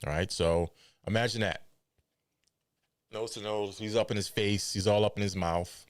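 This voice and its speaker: A man hosting a wrestling podcast, giving casual, animated news commentary with incredulous asides and mock quotes. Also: fairly low pitch, normal speed, smooth, dry recording.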